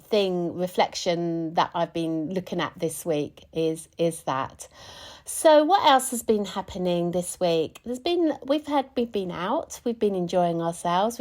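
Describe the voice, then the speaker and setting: Gentle, rambling woman podcast host. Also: fairly low pitch. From United Kingdom. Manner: gentle, rambling, repeats and restarts while thinking aloud. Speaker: podcast host and spiritual coach. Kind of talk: reflective casual monologue.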